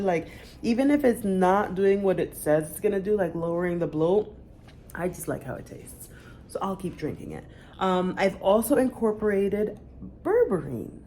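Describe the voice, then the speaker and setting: A woman's voice: fairly low pitch, darkish tone, a little hiss or hum. A woman in her thirties, chatting candidly to the camera for her vlog, with lots of fillers. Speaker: vlogger. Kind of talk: casual chat to camera.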